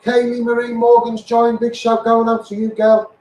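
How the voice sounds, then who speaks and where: Live-streaming an impassioned rant, an English man whose accent mixes Scouse and Essex calls out viewers by name and says things over and over. His very high voice is mellow and monotone at normal speed, with a roomy, distant sound and the highs cut off.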